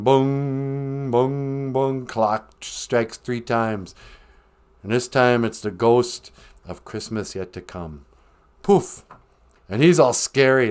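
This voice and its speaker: A man telling a story casually on a live stream, rambling and joking as he goes. His pitch is lively and sits at a middle height. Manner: rambling, joking, laughs at own jokes.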